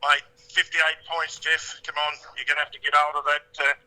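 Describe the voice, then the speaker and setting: Bright-voiced Australian mate. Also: male voice, on the high side, completely flat delivery, fairly quick, faint music behind, rough recording. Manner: matey, rambling, says mate constantly. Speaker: co-host giving racing tips. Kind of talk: casual call-in chat.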